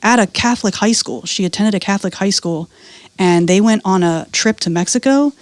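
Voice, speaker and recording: A woman who is a comedian and doula, telling life stories in a casual podcast chat, animated and profane, slipping into voices. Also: mid-range voice, a little fast, dry recording.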